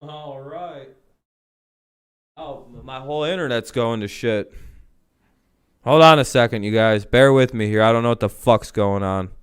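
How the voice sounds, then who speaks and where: A man's voice: mid-range voice, a little slow, pauses often, clear, resonant tone, no room sound, studio quality. A man hosting a live stream, chatting casually in a profane, laid-back, rambling way.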